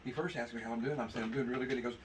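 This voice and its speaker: A man telling an animated story to a men's meeting, laughing as he talks. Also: mid-range voice, rapid-fire. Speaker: testimony speaker at men's meeting. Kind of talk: casual storytelling to a group. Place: indoor meeting room. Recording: distant mic with background noise.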